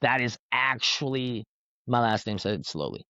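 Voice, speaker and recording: A man's voice: medium pitch, animated, measured pace, pushed and bright, no room sound. A man telling rambling, profane anecdotes in a casual podcast chat. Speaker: podcast host. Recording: dull lo-fi recording.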